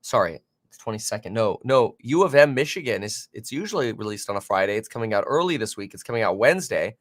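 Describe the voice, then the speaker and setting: A man's voice: lowish voice, expressive, quick pace, no echo, studio quality. A man hosting a live market commentary stream, talking off the cuff with many fillers and self-corrections as he reacts to headlines and viewer comments. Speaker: finance livestream host.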